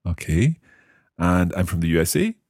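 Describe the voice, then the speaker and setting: A man hosting a language lesson podcast, talking through phrases and repeating them slowly and carefully. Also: low voice, sing-song, a little mellow, no room sound, studio quality. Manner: slow, careful learner repetitions.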